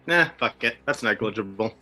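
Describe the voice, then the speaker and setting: Male player, bright forceful voice, loose profane banter. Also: lowish voice, lively intonation, normal speed, soft background music. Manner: profane, joking. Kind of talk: casual tabletop game chat.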